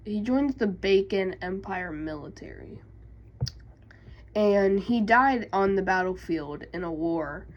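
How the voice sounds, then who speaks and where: A woman's voice: medium pitch, darkish tone, rough recording. A woman casually recapping video game lore, hesitant, with many fillers and self-corrections. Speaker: YouTube creator.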